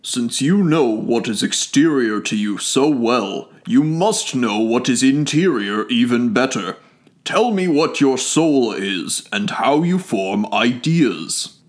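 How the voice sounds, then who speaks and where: A man voicing a lofty, grave giant alien voyager from Sirius in a storybook reading, speaking in a solemn, measured, declamatory way. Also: medium pitch, expressive. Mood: inquiring. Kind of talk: audiobook character reading.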